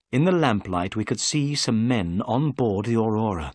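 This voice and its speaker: A man reading a graded story aloud for English learners in clear, measured narration. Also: lowish voice, expressive, a little mellow, dry recording, studio quality. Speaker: story reader.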